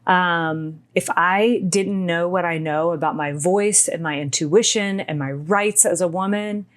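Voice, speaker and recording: A woman's voice: lowish voice, a little slow. A woman co-hosting a podcast, telling a personal story candidly and animatedly, sometimes dropping almost to a whisper. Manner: animated, acts out quoted dialogue, drops to near whispers. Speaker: podcast co-host.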